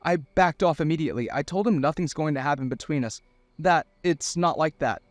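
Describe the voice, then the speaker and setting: A man voicing an earnest young male college student who talks fast and pleading in an audiobook story. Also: fairly high pitch, no echo, lightly acted. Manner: pleading, rushed and breathless. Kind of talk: audiobook dialogue voice.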